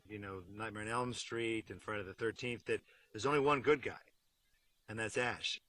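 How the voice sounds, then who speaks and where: Rich: a fairly low-voiced middle-aged actor in a making-of interview. His sound is crisp and bright, and he talks in a dry, joking way. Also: low-quality recording. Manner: wry, joking, deadpan asides; acts out silly voices mid-story. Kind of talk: behind-the-scenes interview.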